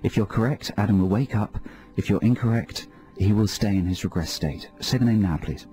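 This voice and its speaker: A male radio host doing deadpan mock-hypnotist patter with callers, speaking into a studio microphone. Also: on the low side, brisk, over music. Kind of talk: comedy radio banter.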